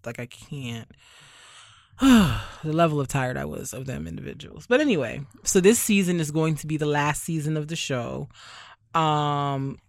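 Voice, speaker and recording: Sardonic, rambling man with higher voice. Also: a bit bright, no room sound, clean studio sound. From Barbados. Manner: sardonic, rambling, heavy on fillers. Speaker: podcast host. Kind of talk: casual chat.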